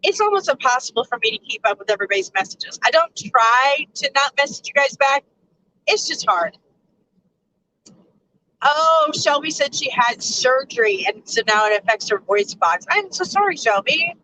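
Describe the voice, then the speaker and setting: A woman's voice: on the high side, bright, forceful tone, a little hiss or hum, low-quality recording. A woman trucker hosting a casual live stream from her truck cab, chatting with viewers and laughing often. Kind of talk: casual live chat reading viewer comments.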